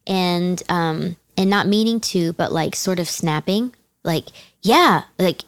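A middle-aged woman speaks in a lowish voice with a dry, close sound. Her talk is candid and self-deprecating, and she laughs often. It feels like a relaxed church podcast chat. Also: slow, no room sound. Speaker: church women's teaching team member. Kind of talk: casual podcast conversation.

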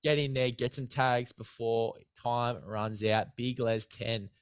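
A man's voice: mid-range voice, fairly even intonation, slow pace, clean tone, no echo. A young Australian man hosting a casual sports podcast, blokey and matey, hyping an ad read with banter. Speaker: podcast host.

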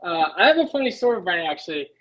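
A young adult man, a motocross racer, telling stories as a podcast guest in an animated way, leaning on filler words. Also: high voice, quick pace, low-quality recording. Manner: animated, leans on filler words, acts out his own past thoughts. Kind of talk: casual podcast storytelling.

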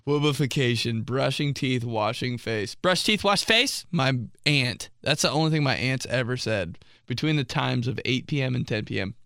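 A man's voice: medium pitch, measured pace, gravelly, clean tone, no echo, studio quality. A man hosting a podcast, joking casually and laughing often as he reads listener submissions. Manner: animated, jokey, laughs often. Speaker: podcast host. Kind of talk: casual comedic chat reading listener submissions.

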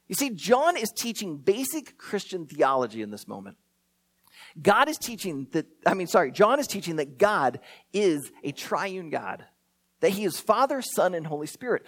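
Preacher, sermon, chatty and animated, pitch rises and falls a lot, rhetorical questions. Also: normal speed. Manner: conversational, asks rhetorical questions, uses playful asides.

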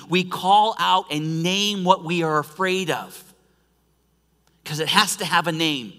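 In a church sanctuary, a pastor preaches slowly in a high-sitting voice that is bright and forceful. He keeps shifting from loud emphasis down to near-whispers, and the hall adds a long reverb to every word.

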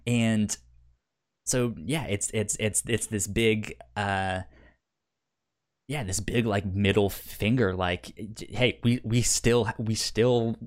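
Speaking on the low side with fairly even intonation, a male podcast co-host casually recaps a TV series. Stammers and repeated syllables crop up often, profanity flows freely, and he voices characters' lines in brief, rapid quotes.

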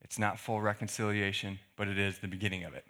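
A man's voice: fairly low pitch, fast. A male pastor giving a conversational sermon, reading scripture and explaining it with rhetorical questions. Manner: conversational, animated preaching with fillers and rhetorical questions.

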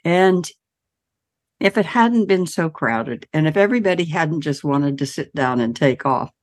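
A woman hosting an interview, chatting casually and sharing her own anecdotes in an expressive way. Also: low-pitched, measured pace. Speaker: host. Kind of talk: casual chat.

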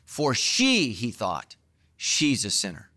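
A middle-aged man preaching a sermon as a pastor, telling the story with acted-out dialogue and sudden swings between loud and hushed. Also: slow pace. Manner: animated storytelling, acting out dialogue with big pitch swings.

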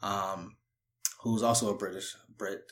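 A man's voice: lowish voice, fairly even intonation, a little slow. A man hosting a podcast, chatting casually with a playful, teasing manner. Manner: playful, teasing, laughs easily. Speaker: podcast host.

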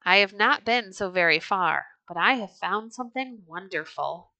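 A woman reading the part of Tyrker, a small, excitable older man, with eager emphasis. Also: mid-range voice, normal speed, no room sound. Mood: excited.

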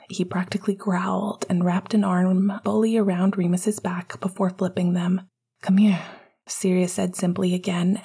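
A woman narrates a romance story in a hushed, intimate whisper. Her voice is low, gravelly and very breathy. The reading stays flat and even throughout. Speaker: audiobook narrator.

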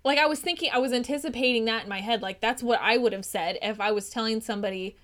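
A woman's voice: a little high, fast, fairly bright tone. A woman co-hosting a podcast, talking frankly and casually with swearing and laughter. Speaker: podcast co-host. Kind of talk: casual chat about a film.

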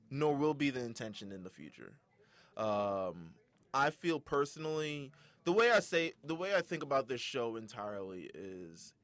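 A man's voice: medium pitch, fairly bright tone, dry recording. A young man hosting a casual podcast, talking in a rambling way with fillers and laughs. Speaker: podcast host.

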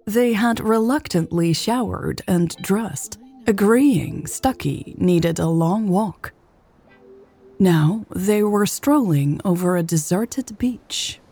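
A woman narrating a romance audiobook in a steady storytelling manner. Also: fairly low pitch, vocal fry.

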